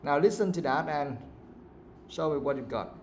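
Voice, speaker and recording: A man's voice: fairly high pitch, expressive, normal speed, darkish tone, roomy sound, slight background noise. A man with a Vietnamese accent teaching an English speaking lesson live, modelling intonation with exaggerated examples.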